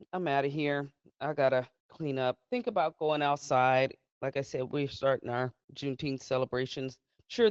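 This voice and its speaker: A woman live streamer chatting casually with her viewers, laughing often and talking in an animated way. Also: low voice, no room sound, muffled recording.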